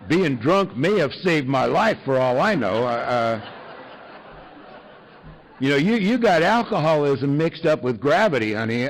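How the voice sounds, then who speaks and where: A man's voice: mid-range voice, slight background noise, rough recording. A man sharing his recovery story with an audience in a wry, self-mocking way, full of fillers and chuckles.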